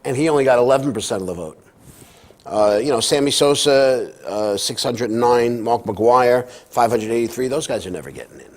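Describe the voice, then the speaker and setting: A man co-hosting a sports talk show in casual chat. He tells stories with a lot of energy, reads quotes aloud and often pauses with "uh". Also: mid-range voice, darkish tone.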